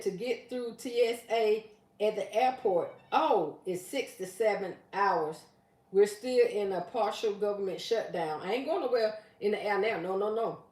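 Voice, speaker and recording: A woman's voice: medium pitch, darkish tone. A woman hosting a casual livestream, reading out viewer comments and teasing her regulars by name in a chatty, playful way. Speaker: livestream host. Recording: roomy, mic at a distance.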